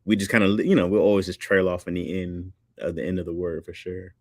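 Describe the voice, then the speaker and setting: A man with a Michigan accent chatting casually with viewers, loose and joking, a little tired, often mimicking other accents with sudden high squeaks. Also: flat delivery, fast, no echo, clean studio sound. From Midwest. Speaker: livestream host.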